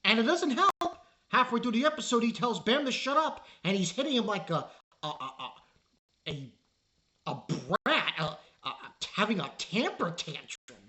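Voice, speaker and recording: A man reviewing an anime episode in a casual spoken style, exasperated and rambling, halting on fillers. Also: sits high, sing-song, sharp tone.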